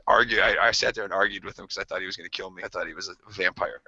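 A man co-hosting a casual podcast chat, telling animated stories and acting out the voices in them. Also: low voice, rapid-fire, few pauses, breathy edge, dry recording. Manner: animated storyteller, acts out voices. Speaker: podcast co-host. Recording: dull lo-fi podcast audio.

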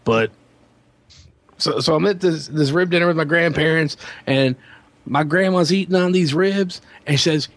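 A man's voice: normal speed, dry recording. A man co-hosting a podcast, telling a long anecdote in casual chat and acting out the people in it. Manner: animated storyteller who slips into high-pitched quoted voices. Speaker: podcast co-host.

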